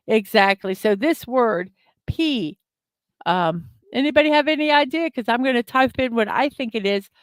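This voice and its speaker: A woman's voice: mid-range voice, clear, resonant tone, dry recording, studio quality. A woman hosting a casual morning livestream, thinking aloud over a word puzzle, with many ums and uhs, and reading viewer comments aloud. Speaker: host of a daily morning livestream. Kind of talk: casual chat while playing a word puzzle. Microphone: desk microphone.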